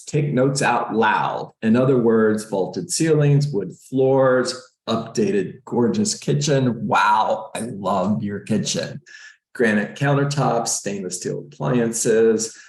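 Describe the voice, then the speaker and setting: A middle-aged man coaching real estate agents in a live training, energetic and joking as he acts out scripts. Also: medium pitch, roomy sound, low-quality recording.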